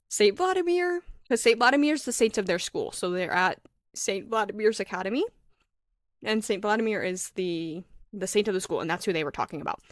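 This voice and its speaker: Female podcast co-host, mid-pitched, casual recap voice, dry mic. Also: no echo. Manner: retells scenes with quick quoted voices, many "like" fillers. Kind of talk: casual book recap chat.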